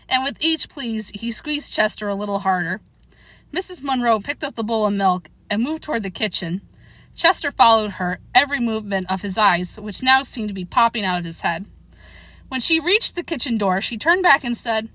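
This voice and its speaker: A woman's voice: medium pitch, normal speed, a bit bright, no echo. A woman reading a children's book aloud, playfully giving the characters their own voices. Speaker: reader.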